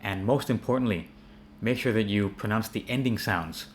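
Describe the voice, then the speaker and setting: Low-voiced man teaching English casually. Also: moderate pace, a little hiss or hum. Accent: American. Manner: relaxed, many fillers and repeated words. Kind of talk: casual spoken English lesson.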